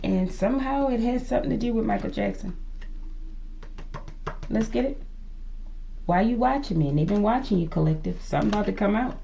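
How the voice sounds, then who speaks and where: A woman's voice: medium pitch, brisk, vocal fry, pauses often, dark tone, slight background noise. A woman giving a casual tarot reading to her viewers, musing aloud, asking the cards to show her and often calling her audience "collective". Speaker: tarot reader.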